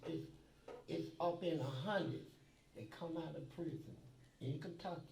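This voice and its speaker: A man's voice: on the high side, normal speed, vocal fry, darkish tone, roomy sound, far from the mic, a little hiss or hum, low-quality recording. A man telling blunt, profane stories from prison life in a streetwise way, recorded in an interview.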